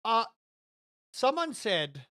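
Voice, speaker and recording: Streamer, male, casual chat, dramatic outbursts, stammers when riled, very lively pitch. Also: slow, no echo, clean studio sound. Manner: dramatic, excitable outbursts with stammered repeats and swearing.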